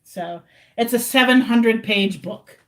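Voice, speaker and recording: A woman's voice: a little high, slow, a bit bright. A woman chatting casually on a livestream from her room at home, rambling and talking directly to her viewers.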